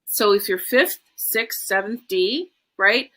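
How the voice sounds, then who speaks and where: A woman guest talks with open enthusiasm, circling back to her points and tagging them with "right?". Her voice is bright and forward, with an everyday middle pitch. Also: lively intonation, slow. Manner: enthusiastic, repeats herself, says "right?" often. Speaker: interview guest. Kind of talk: casual chat.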